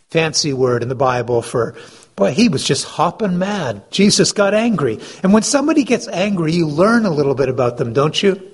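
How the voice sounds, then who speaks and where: A man preaching in a storytelling way, slightly high and husky. He pulls his listeners into the scene and poses questions to them. The tone is that of a pastor speaking to his congregation. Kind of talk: sermon.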